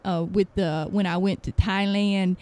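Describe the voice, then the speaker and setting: A woman co-hosting a relaxed podcast chat, full of bawdy jokes. She talks in an unhurried, mid-pitched voice and chuckles between lines. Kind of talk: casual chat.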